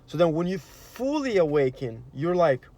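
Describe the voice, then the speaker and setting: A man's voice: fairly high pitch, big pitch swings, moderate pace, warm tone. A man giving a rambling, earnest spiritual monologue in casual slang, with plenty of "you know" and "like". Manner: rambling and earnest, acts out quoted inner voices. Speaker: spiritual vlogger.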